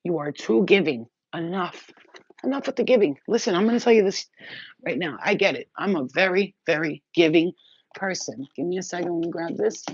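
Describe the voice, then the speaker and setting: A woman's voice: on the low side, slight background noise. A woman spiritual reader talking in a casual, emphatic, rambling monologue. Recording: dull, slightly muffled sound.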